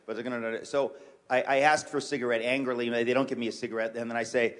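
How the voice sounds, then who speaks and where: A man from New York City talks as a guest author on a church stage. He jokes constantly, with quick, self-mocking asides, in a voice of middling pitch. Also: fairly even intonation. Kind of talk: casual interview chat on a church stage.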